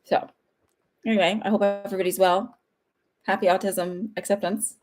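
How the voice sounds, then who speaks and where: A woman's voice: mid-range voice, level tone, moderate pace, darkish tone, slight background noise. A woman in her thirties, a psychic medium chatting casually on a livestream, rambling and laughing often. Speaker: psychic medium hosting live readings.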